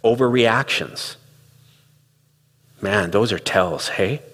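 A middle-aged man talks reflectively to listeners, slipping into quoted dialogue as he tells stories. His voice sits fairly low and has a husky grain. The sound carries a long hall reverb. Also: slow pace, a bit bright. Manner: conversational, storytelling with quoted dialogue. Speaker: speaker on relationships. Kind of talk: reflective talk.

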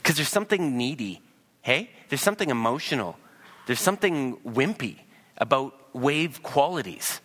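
A man preaching a sermon as pastor, animated and acting out voices in the dialogue he quotes. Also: medium pitch, normal speed.

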